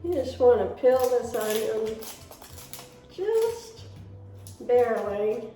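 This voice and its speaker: A home cook chats with viewers in her kitchen while chopping and demonstrating a recipe, her manner folksy and casual. Her voice is a little high and very animated, with a slow pace and a dark tone, over soft background music. The mic sits at a distance in the roomy kitchen, picking up faint noise.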